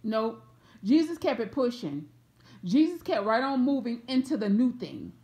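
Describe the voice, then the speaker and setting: Atlanta lady preaching to the camera, southern accent, pitch jumping way up and down, keeps repeating herself. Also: normal speed. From Atlanta, USA. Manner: animated, repeats phrases, acts out voices of people in the story. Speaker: preacher giving a prophetic word.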